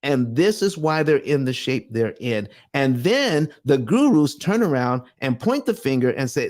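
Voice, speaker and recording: A man's voice: mid-range voice, very animated, a little slow, few pauses, darkish tone. A man hosting a personal finance livestream who speaks emphatically to camera, often restarting and repeating himself as he presses his point. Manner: emphatic and earnest, with frequent restarts and repeated phrases. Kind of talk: motivational livestream talk. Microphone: webcam or desk mic, speaking to camera.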